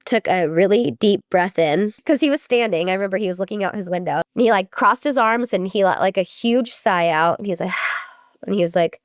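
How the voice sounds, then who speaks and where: A woman's voice: medium pitch, fairly quick, no echo, clean studio sound. A young adult woman, a former college gymnast, telling her story in a casual interview, chatty and full of filler words, acting out what others said. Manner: chatty, many "like" fillers, acts out quoted speech.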